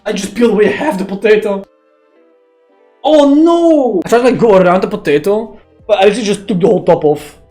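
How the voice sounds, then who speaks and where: Young man, streamer, excitable, swearing, loud outbursts, echoey kitchen. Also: sits high, rapid-fire. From Belgium. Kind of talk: live-stream chat while cooking. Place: home kitchen. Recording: echoey kitchen with faint music.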